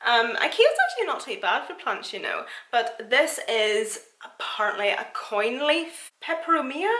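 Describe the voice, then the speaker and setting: A woman's voice: fairly high pitch, bright, forceful tone, echoey room. A young woman chatting through a casual vlog tour of her houseplants, self-mocking and laughing often. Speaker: vlogger.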